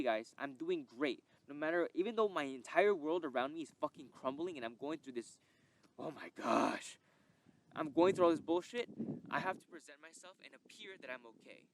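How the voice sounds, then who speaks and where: Emotional young man, rambling testimony. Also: fairly high pitch. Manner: rambling, candid, emotional, swears often. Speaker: podcast host. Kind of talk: reflective personal testimony monologue.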